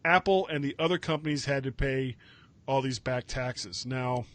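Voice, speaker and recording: A man's voice: mid-range voice, normal speed, fairly bright tone. A man hosting a casual tech news chat, rambling and correcting himself with wry asides. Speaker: podcast host.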